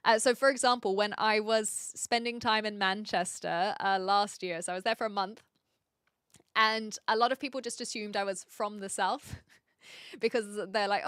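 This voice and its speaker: A woman's voice: medium pitch, steady tone, normal speed, fairly bright tone, clean tone, no echo, clean studio sound. A woman from New Zealand with a British accent and a slight Australian twang, chatting casually as a streamer, reading viewer messages aloud and laughing often.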